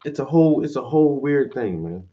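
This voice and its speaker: A man's voice: medium pitch, lively intonation, fairly quick. A man ranting casually and profanely, acting out quoted voices as he goes. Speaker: stream host. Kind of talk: casual rant. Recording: dull audio, mic at a distance.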